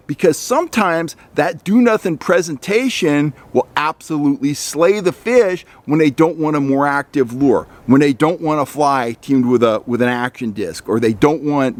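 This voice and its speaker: A man's voice: on the high side, darkish tone. Folksy middle-aged man teaching fishing. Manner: folksy, repeats words while thinking. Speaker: fishing channel host. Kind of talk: instructional talk to camera.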